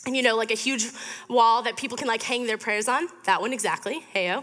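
A woman's voice: fairly high pitch, a little fast, a bit bright. A young woman in her twenties giving a chatty, upbeat storytelling sermon to a student fellowship, with lots of fillers. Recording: reverberant hall.

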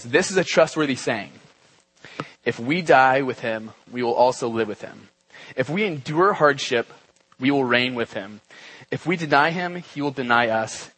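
A young man giving a relaxed, conversational church talk, with many fillers and asides. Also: mid-range voice, husky, low-quality recording. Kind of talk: casual sermon. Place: church gathering.

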